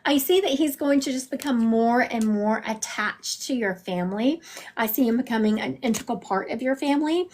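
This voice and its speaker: Woman, fifties, slightly high voice, casual livestream chat. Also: expressive, normal speed. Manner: chatty, warm-hearted, talks straight to viewers. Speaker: psychic medium livestreamer.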